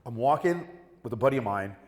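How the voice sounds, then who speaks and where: With a quick pace and a voice in the middle range, the man, a guest actor, enlivens a convention panel with crude anecdotes, voicing the characters as he goes. The room is an echoey convention hall.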